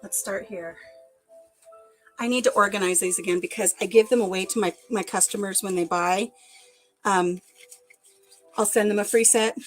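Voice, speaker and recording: A woman's voice: medium pitch, steady tone, moderate pace, pauses often, faint music behind, low-quality recording. A woman vlogger chatting casually to her live viewers while she tidies a craft room. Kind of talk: casual live-stream chat.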